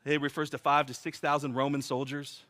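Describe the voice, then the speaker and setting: Earnest man preaching, slightly high voice. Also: little pitch movement, a little fast, bright, forceful tone. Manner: vivid storytelling, earnest and emphatic. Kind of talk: sermon with personal testimony.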